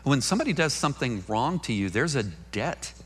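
A man's voice: mid-range voice, very animated, fairly quick, breathy edge. Guy pastor giving a sermon, chatty storytelling, voice jumps up and down a lot. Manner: conversational, jokey storytelling with emphatic repeats.

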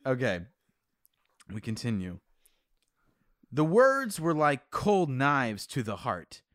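A man's voice: medium pitch, big pitch swings, slow, a bit bright. A man reading a story aloud and joking with friends, laughing often. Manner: laughing, playful. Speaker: story reader and commentator. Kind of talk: joking group chat.

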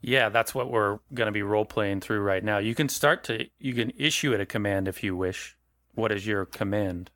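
A man's voice: on the low side, normal speed, a bit bright, dry recording. A man narrating as game master for a tabletop horror game, casual and rephrasing as he goes. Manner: conversational, restarts and rephrases.

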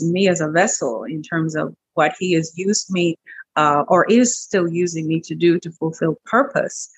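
A middle-aged woman guest in an interview, telling a personal story in a lively, animated way, repeating words as she goes. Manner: animated, breaks into high quoted voices, repeats words. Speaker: interview guest, wellness clinic owner.

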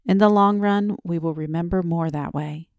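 A woman voicing a gentle, careful old man, speaking in a quiet, measured way. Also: on the low side, no echo, close to an everyday voice.

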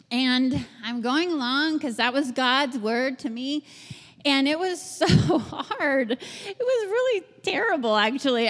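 A woman in her thirties tells her personal testimony to a group in a bright, high voice. She brings her story to life, acting out quoted lines and laughing often, and the sound rings with the long reverb of a hall. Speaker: speaker sharing her testimony.

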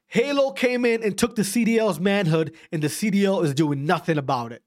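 A young man giving a profane, heated esports rant, repeating himself and dropping to quiet asides. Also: high voice, brisk. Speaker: esports commentator. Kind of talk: ranting casual commentary.

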